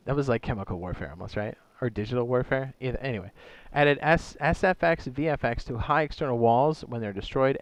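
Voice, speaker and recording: A man's voice: mid-range voice, no room sound. A man reading out game patch notes in a casual way, adding joking asides and stumbling and correcting himself as he goes. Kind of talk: casual commentary reading a list aloud.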